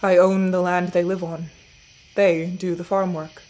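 A woman voicing a gruff, growling middle-aged male farmer and landlord in an audio fiction story. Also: fairly low pitch, flat delivery, unhurried, a little mellow, natural voice, low-quality recording.

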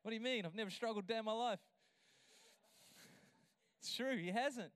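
High, clear-voiced man preaching with passion. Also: fairly bright tone, no echo. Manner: passionate, builds to emphatic drawn-out lines; chatty asides with laughs. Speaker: pastor. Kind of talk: sermon.

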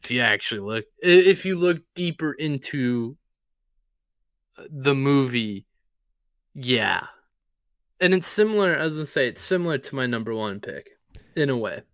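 Podcast co-host, male, mid-pitched, smooth and clear, close dry sound, relaxed list-giving chat. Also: a little slow, long pauses, dry recording. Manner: loose and conversational, ranking favorites with easygoing asides. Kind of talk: casual sports podcast chat.

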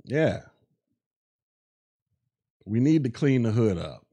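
A man's voice: mid-range voice, sing-song, slow, mellow, husky. A man hosting a podcast, speaking in with blunt, mocking commentary and laughing at his own jokes. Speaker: podcast host. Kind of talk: casual commentary.

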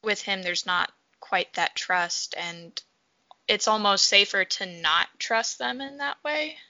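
A woman's voice: medium pitch, slow pace, sharp tone, no echo, highs cut off. A woman in casual conversation, thoughtfully explaining her view. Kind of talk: casual podcast chat.

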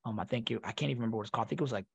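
Gravelly-voiced man telling a personal story. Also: medium pitch, highs cut off. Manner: reflective, halting with restarts. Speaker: guest, Marine veteran. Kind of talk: emotional storytelling.

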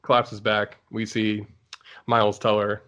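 A man's voice: fairly low pitch, monotone, unhurried, pushed and bright, muffled recording. A man co-hosting a casual chat about shows, rambling with lots of fillers and restarts. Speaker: podcast co-host.

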